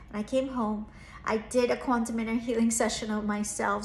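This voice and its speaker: A woman's voice: fairly even intonation, a little slow, vocal fry, a bit bright, reverberant, slight background noise. Earnest woman telling a parenting story. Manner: earnest, reflective, acts out quoted lines with raised pitch. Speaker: therapist and parenting coach. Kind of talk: personal storytelling vlog.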